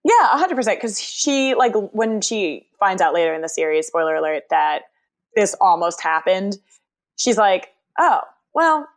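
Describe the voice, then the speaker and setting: A woman's voice: medium pitch, animated, normal speed. Woman, podcast co-host, casual recap chat, mid-range voice, plays out the lines she quotes. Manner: chatty, acts out quotes from scenes.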